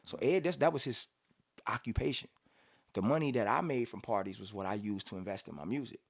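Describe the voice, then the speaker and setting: A Cincinnati rapper in his thirties, guesting in a studio interview, tells casual stories in a lowish, husky voice with vocal fry and a brisk pace. Animated throughout, he acts out quotes and hums beats.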